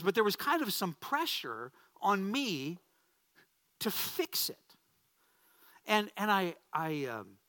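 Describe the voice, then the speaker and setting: A middle-aged man preaching a sermon, telling stories in an animated, self-deprecating way with frequent restarts. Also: fairly high pitch, no room sound. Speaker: pastor.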